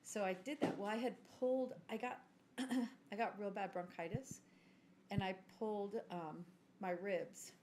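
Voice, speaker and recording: Lady in her 30s on a podcast, telling stories, keeps clearing her throat, bit of hiss behind. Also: medium pitch, fairly even intonation, a little slow, a little mellow. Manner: chatty, self-mocking, clears throat often. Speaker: podcast co-host. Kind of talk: casual storytelling chat.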